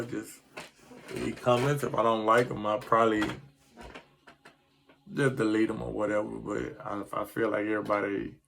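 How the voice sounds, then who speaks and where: A man's voice: on the low side, gravelly, a bit bright, slight background noise. A middle-aged man, ranting casually about his sports team in a rambling, frustrated way that trips over words. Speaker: sports vlogger.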